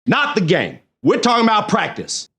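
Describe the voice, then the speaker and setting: A man putting on an exasperated TV coach for a quick quote. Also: sits high, huge pitch swings, bright, forceful tone, voice pushed up, exaggerated voice.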